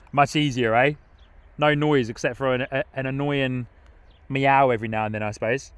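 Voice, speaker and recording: A man's voice: medium pitch, fairly even intonation, moderate pace, clear, resonant tone, no echo. A young man casually hosting a live stream outdoors at an airport, reading viewer comments aloud and laughing often. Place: outdoors at an airport viewing spot.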